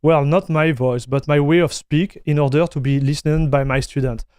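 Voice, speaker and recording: A man's voice: fairly high pitch, steady tone, normal speed, a little mellow, clear, resonant tone, no room sound, studio quality. A man with a French accent, a native French speaker, chatting casually on a live stream, answering viewers and calling them dude and broski. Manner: chatty, reads viewer messages aloud, calls people dude and broski.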